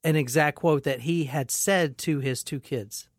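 A woman's voice: sits low, a little slow, dry recording, clean studio sound. A woman hosting a casual true crime podcast, blunt and jokey, often laughing as she walks through the case.

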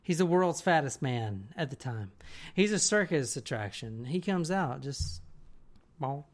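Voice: mid-range voice, animated, unhurried, a little hiss or hum. Rambling, profane casual storyteller. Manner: rambling, profane, keeps checking in with "right?". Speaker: podcast co-host telling a story.

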